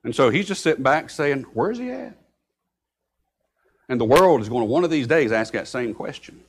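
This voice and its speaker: A man preaching a sermon at an average, middle pitch. His delivery is mostly conversational, but he breaks into sudden loud outbursts when he quotes scripture. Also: expressive, brisk, a little hiss or hum. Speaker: pastor.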